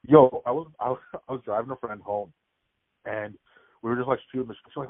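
A young man chatting casually as a podcast guest, telling stories quickly and filling his talk with "like". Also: medium pitch, no room sound. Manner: rapid storytelling, frequent "like" fillers. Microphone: remote call. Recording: tinny phone-like call audio.

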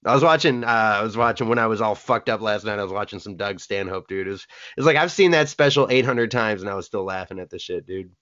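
A man's voice: fairly low pitch, expressive, fast, hardly any pauses, fairly bright tone, lo-fi sound. A man co-hosting a casual comedy podcast, crude and profane, laughing through his stories.

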